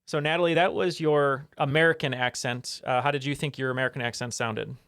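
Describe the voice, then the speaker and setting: A man's voice: mid-range voice, fairly even intonation, brisk, a bit bright, clear, resonant tone, dry recording, clean studio sound. A man hosting a trivia podcast, upbeat and casual, with many fillers. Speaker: podcast host.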